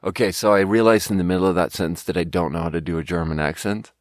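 A man's voice: sits low, fairly even intonation, fast talker, no room sound, clean studio sound. A man from Sweden hosting a podcast, telling a rambling, profane, self-mocking story in casual monologue. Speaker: podcast host and restaurant server.

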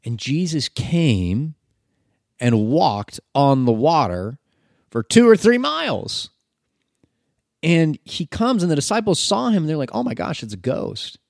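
A man's voice: on the high side, sing-song, slow, pauses often, darkish tone, no echo, studio quality. A man reading scripture and then preaching about it in an earnest, conversational way, with filler words.

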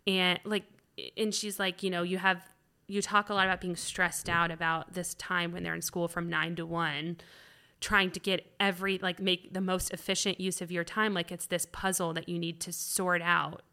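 Woman, thirties, forceful bright tone, rambling, filler-heavy, candid chat. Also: fairly low pitch, flat delivery, moderate pace, clean tone. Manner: rambling, full of "like" and "um". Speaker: podcast co-host.

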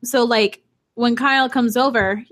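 A young woman and single mother chatting casually as a podcast co-host, telling animated stories. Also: a little high, a little slow. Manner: chatty, animated storyteller with laughs. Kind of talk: casual chat.

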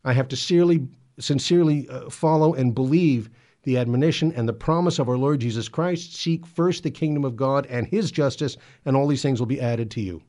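A man's voice: medium pitch, a little fast, mellow. A man giving earnest Catholic commentary, often repeating words and stumbling as he presses his point. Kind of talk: spoken commentary and exhortation.

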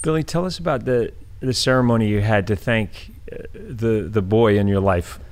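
Man, interviewer, halting, stammering, gentle questions. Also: fairly low pitch.

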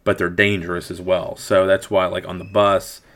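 A middle-aged man with a very deep, low voice talks casually through a movie review. He rambles and restarts, repeating words as he gathers his thoughts. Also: little pitch movement, normal speed, a bit bright. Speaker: podcast host.

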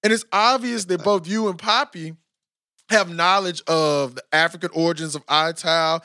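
An American man hosting a podcast in a casual, animated way, with lots of fillers. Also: on the high side, normal speed, no echo, clean studio sound. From United States. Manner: animated and talkative, with frequent fillers. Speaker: podcast host interviewing a guest. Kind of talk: casual chat.

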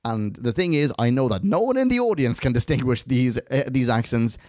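A man's voice: mid-range voice, lively intonation, brisk, a little mellow, no echo, clean studio sound. A man co-hosting a casual review podcast, rambling through anecdotes, swearing and laughing often. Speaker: podcast co-host. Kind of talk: casual chat reviewing an audio drama.

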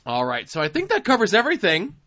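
A man's voice: sits high, wildly swooping pitch, quick pace, bright, forceful tone. A man hosting a podcast in casual chat, rambling with fillers. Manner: rambling, many fillers, wraps up the show. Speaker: podcast host. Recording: dull lo-fi sound.

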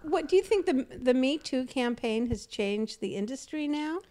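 A woman hosting a podcast interview in casual chat, animated and jokey, acting out quoted bits. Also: high voice, moderate pace. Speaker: podcast host.

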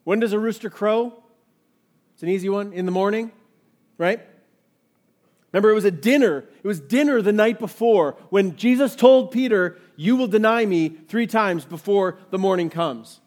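Male pastor, light high voice, expository sermon, acts out the scripture quotes. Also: moderate pace, a little mellow. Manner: reads scripture aloud, acts out quotes with rising intensity.

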